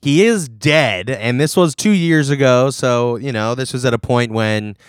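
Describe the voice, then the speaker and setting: A man's voice: mid-range voice, a little slow, smooth, no room sound, studio quality. A man co-hosting a casual comedy chat, playful and reading out posts. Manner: playful, reads from a forum, laughs along. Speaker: podcast co-host.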